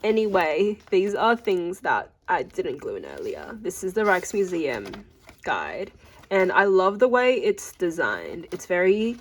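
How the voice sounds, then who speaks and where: A woman's voice: fairly low pitch, big pitch swings, unhurried, poor audio. A young woman from Australia narrating a casual travel vlog, chatty and jokey, talking straight to her viewers. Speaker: vlogger.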